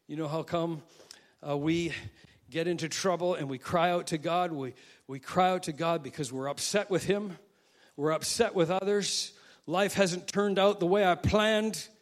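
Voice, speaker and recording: Man, pastor, sermon, slightly high voice, dramatic shifts from hushed to loud. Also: steady tone, moderate pace. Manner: dramatic swings from soft asides to loud emphatic quoting.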